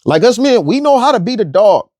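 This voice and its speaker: A young man rants bluntly and profanely, hammering his points through repetition. His voice sits high for a man and swings widely in pitch. The recording is close and dry. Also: sing-song, fairly quick, a little mellow, dry recording. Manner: repeats phrases for emphasis. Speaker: online commentator. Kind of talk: ranting monologue.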